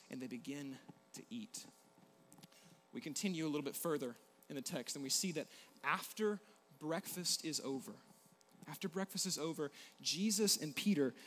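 A man preaching a sermon, swinging between loud emphasis and hushed, intimate passages. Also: fairly high pitch, long reverb tail.

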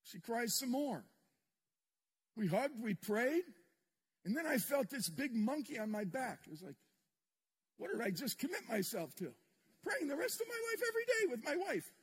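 Speaking at a normal speed, this older preacher has a very high-pitched, husky voice that is very animated. In a church sanctuary before his congregation, he shares a personal story with candor, self-deprecation, and a bit of humor, while long reverb fills the big hall.

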